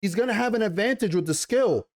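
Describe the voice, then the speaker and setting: A man giving a casual, animated TV episode review in slangy talk, often repeating himself. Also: high-pitched, fast talker. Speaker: TV show reviewer.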